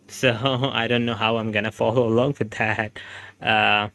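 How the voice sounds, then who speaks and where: On a gaming livestream, a male streamer with an Indian English accent chats casually, reads chat aloud, and laughs often. His voice is lowish and vocal-fried with a flat delivery at normal speed, and it sounds sharp with no echo through his home streaming mic.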